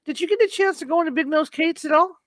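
A male host with a very high voice chats casually with his guest. He often repeats words as he gets going. His voice sounds dry and close to the mic. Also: quick pace, a bit bright, no echo, low-quality recording. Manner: chatty, repeats words when starting. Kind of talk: casual chat.

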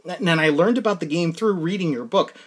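A male podcast host with a somewhat high voice talks in a loose, conversational way. He stops and restarts his sentences often and leans on fillers. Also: breathy edge. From New England. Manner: halting, with frequent restarts and fillers. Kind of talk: casual interview.

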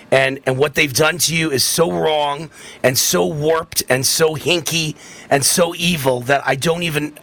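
A man's voice: on the high side, bright, forceful tone. A man hosting political talk radio, fervent and indignant, hammering his points with repeated phrases. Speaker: radio talk show host.

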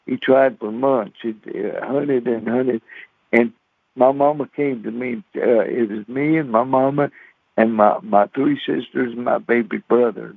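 A man's voice: mid-range voice, creaky, no echo. A man, preaching on the radio with a folksy, repetitive storytelling manner. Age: 60s. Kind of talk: radio sermon with personal story. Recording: dry phone-like radio sound.

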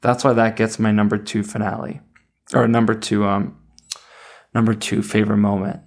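A man's voice: lowish voice, level tone, normal speed, gravelly. A man in his thirties talking casually as a reviewer. He speaks eagerly and rambles, with frequent fillers and restarts. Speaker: series reviewer. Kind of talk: casual chat.

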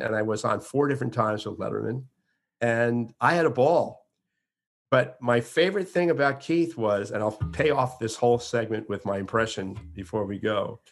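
A man's voice: medium pitch, vocal fry. Talkative man in his sixties telling stories. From Florida, USA. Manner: animated storyteller with frequent restarts. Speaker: guest, entertainer. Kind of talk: interview conversation.

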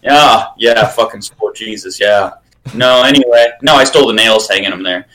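A man with a lowish voice tells loose, rambling stories in easygoing chat. He swears freely and talks like he's among friends. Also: fairly quick, a bit bright, rough recording. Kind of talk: casual chat.

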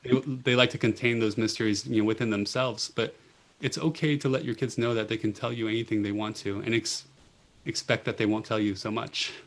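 A middle-aged man, a pediatric oncology nurse, telling stories in an earnest, gentle way with many "you know"s. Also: on the low side, steady tone, a little fast. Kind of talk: reflective storytelling in a podcast interview.

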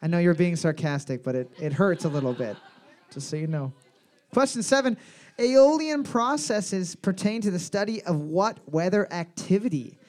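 A man's voice: sits high, expressive, moderate pace, darkish tone. A man hosting a trivia game, joking crudely and reading each question twice. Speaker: trivia host. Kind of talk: casual comedic trivia banter.

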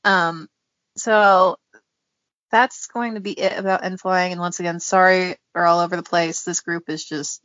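A woman's voice: on the low side, steady tone, normal speed, fairly bright tone, no room sound. Giggly chatty woman, dry dull sound. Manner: giggly, chatty, lots of fillers. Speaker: podcast co-host. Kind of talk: casual chat.

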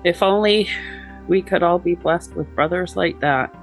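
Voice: mid-range voice, normal speed, faint music behind. A podcast co-host reading scripted narration in a wry tone.

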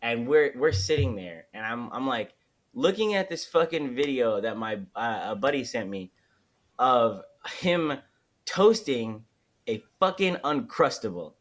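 Twenties guy cohosting a podcast, swearing a lot, slangy rants, ordinary pitch. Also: big pitch swings, unhurried. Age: 20s. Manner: loose, profane ranting with slang. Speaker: podcast co-host. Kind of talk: casual chat.

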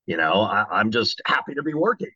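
A man, a voice actor, telling animated and jokey stories in an interview. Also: fairly low pitch, a little fast, husky, no room sound, highs cut off. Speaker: voice actor guest. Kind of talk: anecdotal interview talk.

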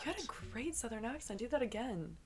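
Young woman, from the American South, casual chat, fast and giggly. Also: on the high side, crowd noise. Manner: fast, giggly, animated storytelling.

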